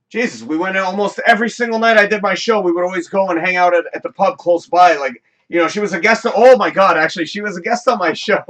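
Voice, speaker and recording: A man's voice: high voice, a bit bright, far from the mic. A man hosting a live talk show, reminiscing in a rambling, emotional way, often swearing and laughing. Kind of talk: casual chat.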